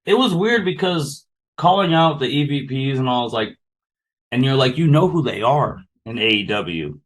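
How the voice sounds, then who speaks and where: A man's voice: mid-range voice, moderate pace. A man hosting a podcast in casual chat, rambling along with lots of fillers. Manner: rambling, filler-heavy, relaxed. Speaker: podcast host.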